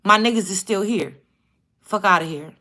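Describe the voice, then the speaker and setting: A woman hosting a livestream, telling a story in a casual, animated and profane way. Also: medium pitch, normal speed. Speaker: livestream host.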